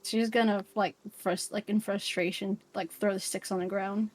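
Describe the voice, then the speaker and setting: A woman's voice: mid-range voice, fairly even intonation, moderate pace. A woman playing her character in a casual tabletop game, rambling with lots of fillers and laughing easily. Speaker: player. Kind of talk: casual tabletop role-play.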